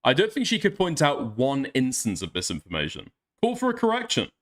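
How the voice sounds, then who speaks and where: A man's voice: medium pitch, wildly swooping pitch, fairly quick. A man streaming, ranting in heated casual chat, exasperated and swearing often. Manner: exasperated, swears a lot, rants. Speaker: streamer reacting to news.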